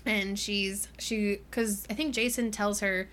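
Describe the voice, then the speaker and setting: A young woman co-hosting a book podcast, recapping the story in a casual, animated way with lots of laughter and "like" fillers. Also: medium pitch, takes it slowly.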